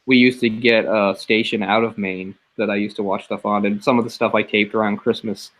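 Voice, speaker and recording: A man's voice: on the low side, flat delivery, brisk, fairly bright tone, low-quality recording. A young man hosting a casual movie commentary, rambling and laughing as he tells stories. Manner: rambling, laughs between words. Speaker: commentary host.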